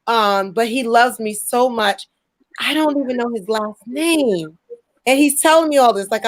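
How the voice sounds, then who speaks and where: A woman's voice: a little high, a little slow, no room sound, low-quality recording. A young woman, a show host telling a story in casual chat and acting out the voices she quotes. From New Jersey. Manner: lively, acts out quoted voices.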